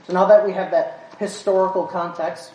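A woman preaching a sermon in a church, animated, acting out crowd chatter and reading scripture aloud. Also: on the low side, normal speed, a little hiss or hum. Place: church sanctuary. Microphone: handheld or stand mic. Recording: echoey church room.

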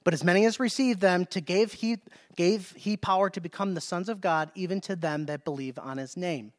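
A man's voice: high-pitched, fairly quick. A man preaching a sermon, emphatic and repeating phrases as he reads scripture aloud.

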